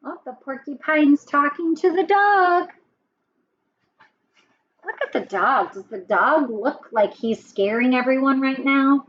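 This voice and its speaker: A woman teacher telling a story to young children, animated and asking them questions. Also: sits high, slow, dull audio.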